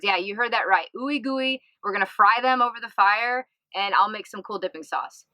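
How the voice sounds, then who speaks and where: Upbeat woman chef with a bright voice. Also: medium pitch, normal speed, hardly any pauses, no room sound, low-quality recording. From US East Coast. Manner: upbeat, enthusiastic, chatty. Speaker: host, plant-based chef. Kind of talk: casual cooking vlog.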